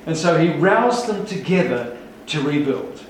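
Emphatic preacher in an echoey hall. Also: male voice, on the high side, expressive, unhurried, a little hiss or hum. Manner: emphatic, rhetorical questions, rousing. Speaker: pastor. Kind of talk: sermon. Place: large church hall. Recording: echoey hall, speaker far from mic.

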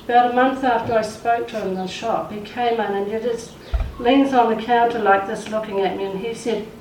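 A woman's voice: on the high side, fairly even intonation, brisk, darkish tone. Woman sharing a heartfelt testimony from the pulpit, recorded from afar in a reverberant space. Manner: emotional storytelling, acts out quoted voices. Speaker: church speaker sharing a testimony. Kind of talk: testimony in a church service. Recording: echoey room, far from the mic, faint noise.

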